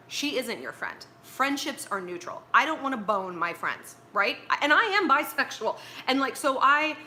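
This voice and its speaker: A young woman chats her way through dating advice on a livestream, blunt, joking and acting out quoted lines. Her voice is bright and lively, swinging high and low. Faint noise sits under the recording. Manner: animated, blunt and joking, acts out quoted speech. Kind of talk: casual livestream advice chat.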